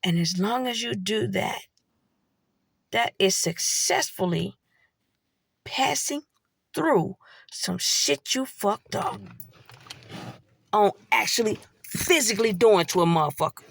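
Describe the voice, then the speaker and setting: Gravelly, profane woman preaching. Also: mid-range voice, animated, slow, pauses often, slight background noise. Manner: blunt, heavy swearing, preachy. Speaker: spiritual vlogger. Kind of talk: profane spiritual monologue.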